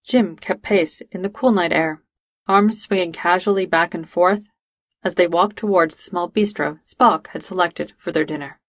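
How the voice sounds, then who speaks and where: A woman reading fan fiction aloud in a steady, measured storytelling voice. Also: on the low side, no room sound. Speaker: reader.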